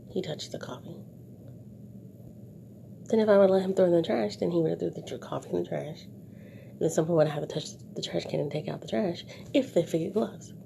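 A woman vlogger telling a story to her viewers in a casual, animated way, with wry asides, and ending on a moral lesson. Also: fairly low pitch, gravelly, slight background noise.

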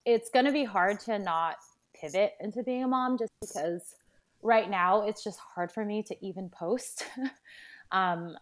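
A woman's voice: medium pitch, unhurried. A young woman chatting casually as a podcast guest, pregnant and tired, talking with lots of fillers and laughter. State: pregnant, tired and a bit out of breath.

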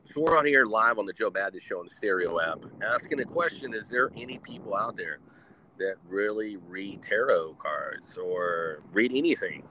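A man's voice: on the low side, expressive, moderate pace, sharp tone, a little hiss or hum, low-quality recording. A man hosting a live talk show outdoors, rambling and heavily profane and often laughing. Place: outdoors in the wind.

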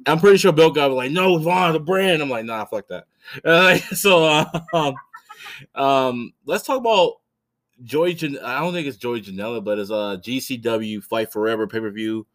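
A man's voice: medium pitch, normal speed. A man in his thirties hosting a podcast, telling a story casually with blunt, profane, rambling talk full of restarts. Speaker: podcast host.

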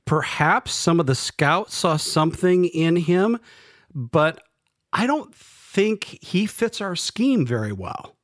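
A man in a casual sports talk, reviewing picks in a hesitant, stop-start way. His voice is a little higher than most men's, and the sound is dry with no room echo. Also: lively intonation, slow pace. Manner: hesitant, many restarts. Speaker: podcast co-host.

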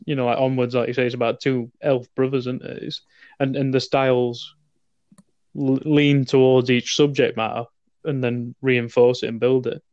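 Guy chatting about a film, stumbles and repeats himself, normal pitch, dry sound. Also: flat delivery, a little mellow, no echo, dull audio. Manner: halting, repeats words, asks for agreement. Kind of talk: casual film chat.

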